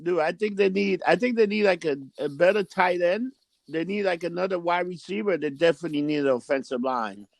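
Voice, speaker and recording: High gravelly man chatting casually. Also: a little fast, no echo. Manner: casual, profane, asks questions, many fillers. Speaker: podcast co-host. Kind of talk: casual podcast chat.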